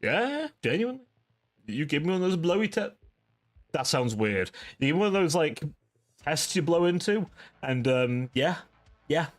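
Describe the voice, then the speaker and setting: A man's voice: on the high side, very animated, normal speed, pauses often, faint music behind. A young man hosting a live stream, chatting casually with his chat, rambling and laughing at himself. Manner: giggly, rambling, self-deprecating. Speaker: livestream host.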